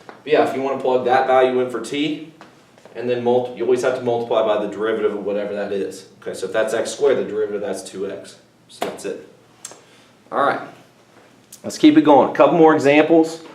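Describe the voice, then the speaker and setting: A man's voice: mid-range voice, fairly quick, darkish tone. A male math teacher lecturing his class step by step, checking in with "okay" and addressing the students as "guys". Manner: explains step by step, often saying "okay" and "guys". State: voice cracking a little. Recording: echoey room, mic far off.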